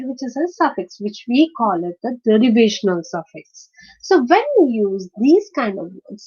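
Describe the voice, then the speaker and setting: A woman's voice: fairly high pitch, darkish tone. A woman teaching a lesson, explaining step by step and often checking with "right?" along the way. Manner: explains step by step with many fillers and checking questions. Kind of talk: online lesson on word stress. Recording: dull lo-fi recording.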